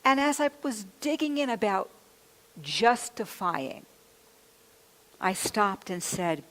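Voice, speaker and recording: An unhurried woman minister with a voice on the high side, fairly bright and lively in intonation, preaches with long hall reverb. Her sermon centers on a frank, confessional personal story, including her own thoughts spoken aloud.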